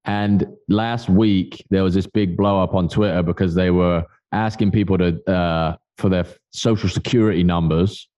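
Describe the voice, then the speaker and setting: A man co-hosting a podcast, laying out a measured, speculative analysis in casual chat. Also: sits low, steady tone, mellow, highs cut off. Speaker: podcast co-host.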